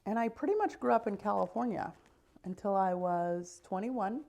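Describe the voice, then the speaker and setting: A middle-aged woman chatting casually in a get-ready-with-me vlog, telling her story in an unhurried way with dry little asides. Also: mid-range voice, expressive, gravelly, a little mellow. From United States. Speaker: vlogger.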